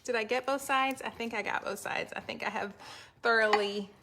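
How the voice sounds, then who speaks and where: A woman talks her viewers through a recipe in her home kitchen, chatty and quick to poke fun at herself. Her voice is bright and clear. A faint hiss sits under the recording. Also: fairly high pitch, fairly even intonation. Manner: chatty, self-deprecating, talks straight to viewers. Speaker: cooking vlogger. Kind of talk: casual cooking demonstration.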